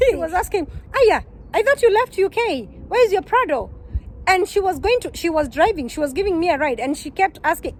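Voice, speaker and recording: A woman's voice: sits high, slight background noise, rough recording. A Kenyan woman giving earnest, heartfelt advice in a casual vlog, often repeating her points. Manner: earnest, repeats herself, animated quoting. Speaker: vlogger.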